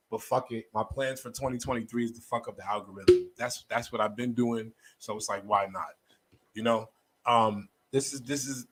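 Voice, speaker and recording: Husky, forceful New man ranting. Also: medium pitch, low-quality recording. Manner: blunt, profane ranting with repeated phrases; swings between muttering and loud outbursts. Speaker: livestream host. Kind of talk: opinionated commentary on a news story.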